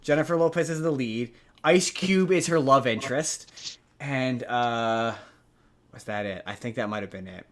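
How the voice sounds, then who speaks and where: A man's voice: medium pitch, moderate pace. A man co-hosting a podcast, talking casually in a rambling way with many restarts. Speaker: podcast co-host. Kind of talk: casual chat.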